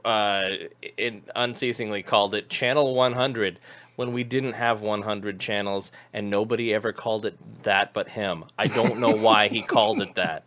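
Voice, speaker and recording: Casting: middle-aged male co-host, smooth resonant voice, rambling and self-correcting, casual movie chat. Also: on the low side, steady tone, moderate pace, few pauses, a bit bright. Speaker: podcast co-host.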